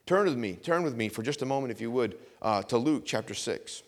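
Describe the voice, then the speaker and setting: A man preaching a sermon, repeating phrases for emphasis and swinging between loud emphatic lines and quiet asides. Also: medium pitch, animated, brisk. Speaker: pastor.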